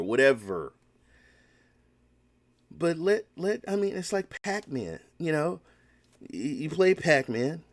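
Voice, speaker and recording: A man talks through his gaming podcast alone, rambling and emphatic, restarting his sentences often. His voice sits at an ordinary middle pitch. The sound is dry and close to the mic. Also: dry recording. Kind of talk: casual solo podcast talk.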